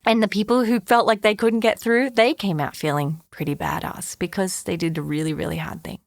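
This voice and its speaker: A woman's voice: mid-range voice, fairly even intonation, brisk, vocal fry, dry recording. A woman hosting a solo podcast, talking earnestly and encouragingly to listeners as a therapist. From Australia. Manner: earnest, encouraging, repeats catchphrases.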